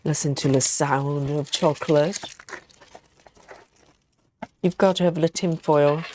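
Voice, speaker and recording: A woman's voice: deep voice, steady tone, slow pace, warm tone, a little hiss or hum. A woman hosting a casual cross-stitch livestream, chatty and giggly, snacking on chocolate and reading out viewer comments. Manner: snacks on chocolate while talking. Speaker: livestream host. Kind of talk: casual live-stream chat while cross-stitching.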